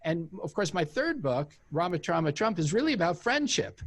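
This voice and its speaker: At a moderate pace and in a voice a little on the high side, a male author and ex-cult member relates a personal story during a casual interview. He's lively, acting out the voices of everyone involved.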